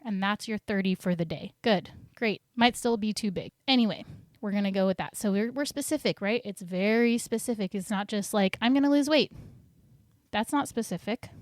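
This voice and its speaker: A woman's voice: a little high, no echo, studio quality. A woman health coach in a solo podcast, talking in an upbeat, encouraging way and acting out her clients' voices.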